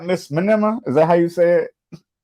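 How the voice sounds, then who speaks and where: A man hosting a reaction video, talking in a casual, slangy way and acting out quick impressions of the people on screen. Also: sits high, darkish tone.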